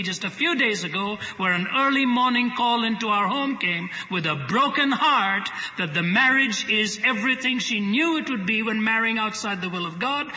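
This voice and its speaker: A male preacher tells a story to a live audience with dramatic timing and dry humor. His voice is bright, forceful and slightly high. It rings with long hall reverb on a dull, muffled broadcast. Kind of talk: sermon storytelling.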